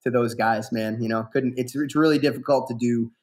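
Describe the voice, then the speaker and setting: Man, thirties, podcast guest, relaxed, rambling, lots of "you know", mid-pitched voice. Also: a little fast, noisy background. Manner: relaxed, rambling, many fillers and restarts. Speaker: guest fighter. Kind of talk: casual podcast interview.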